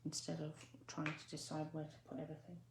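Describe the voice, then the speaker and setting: A woman's voice: low-pitched, completely flat delivery, fast talker, vocal fry, echoey room, background noise. A woman demonstrating card making in a chatty, self-correcting way, sometimes dropping to a near-whisper while she concentrates. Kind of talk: casual crafting tutorial.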